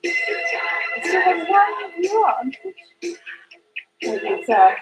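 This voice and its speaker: A middle-aged woman from Western Australia hosts a casual livestream, playing records and reading out comments in a playful, theatrical manner, her voice swooping up high in exclamations. She speaks slowly with wildly swooping pitch, the audio is poor, and music plays in the background.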